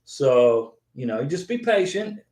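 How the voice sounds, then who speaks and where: In a room full of echo, an American man runs a live visa advice stream, casually reading viewer comments and replying to them by name while he rambles and repeats himself. His mid-range voice is very animated yet slow, with a darkish tone.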